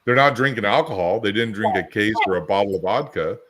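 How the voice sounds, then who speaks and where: A man with a somewhat low voice co-hosting a podcast. He talks in a loose, rambling way, piling up anecdotes and everyday examples to make a point. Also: a little fast, a bit bright. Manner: rambling storyteller, chatty anecdotes. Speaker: podcast co-host. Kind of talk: casual conversational podcast.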